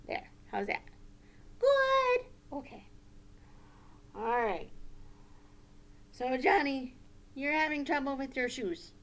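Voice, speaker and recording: A woman teacher running a puppet lesson for young children, gentle and coaching. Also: sits high, takes it slowly, pauses often.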